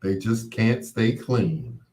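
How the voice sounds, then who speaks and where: Man, radio host, unhurried delivery, lowish voice, wry storytelling. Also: a little mellow. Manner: laid-back storytelling with wry asides. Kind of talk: late-night radio chat.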